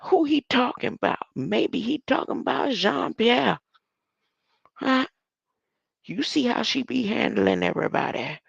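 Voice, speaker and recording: Slow, gravelly woman with rhetorical questions. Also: fairly high pitch, lively intonation, no echo. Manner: asks rhetorical questions, talks back to the clip. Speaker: commentator reacting to a speech. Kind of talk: conspiratorial commentary. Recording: dull lo-fi dry recording.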